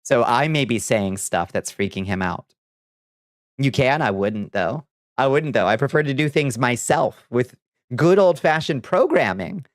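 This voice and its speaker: A man's voice: mid-range voice, lively intonation, a little slow, no echo, studio quality. A man streaming live, chatting casually with viewers, laughing often and swearing offhandedly. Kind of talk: casual livestream chat.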